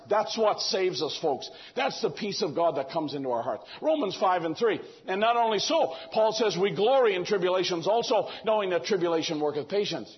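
Animated high-voiced male preacher. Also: muffled recording. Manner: animated, acts out quoted voices. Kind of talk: sermon.

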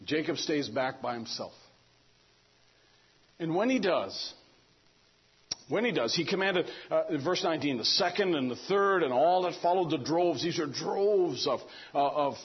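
A man's voice: on the high side, expressive, moderate pace, breathy edge. A man preaching a folksy, conversational sermon, retelling the story with humor and playing out the characters' talk. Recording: dull lo-fi recording.

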